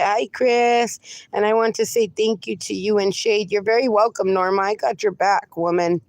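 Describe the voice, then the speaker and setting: A woman's voice: medium pitch, steady tone, normal speed, dry recording. A woman hosting a casual livestream from her fenced yard, cooing baby talk at her dogs between replies to viewers. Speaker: livestream host.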